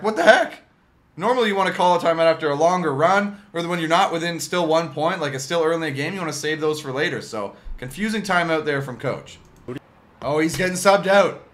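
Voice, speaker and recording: A man giving casual, excitable reaction commentary on a sports anime, breaking into cheers at big plays. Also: fairly high pitch. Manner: excited outbursts cheering the play. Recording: music playing behind.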